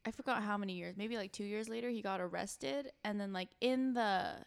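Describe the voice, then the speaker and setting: A woman's voice: mid-range voice, a little fast, vocal fry, clear, resonant tone. A young woman in casual chat with a friend, giggly and talkative, full of "like" fillers. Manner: chatty and giggly, heavy "like" fillers. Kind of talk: casual fan chat about a music duo.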